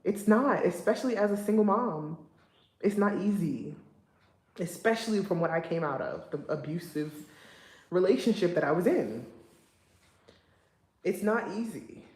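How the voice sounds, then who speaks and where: A young woman and single mom chatting casually with her viewers, emphatic and getting loud and exasperated when she vents. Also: fairly low pitch, lively intonation, normal speed, pauses often, roomy sound. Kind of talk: casual livestream chat.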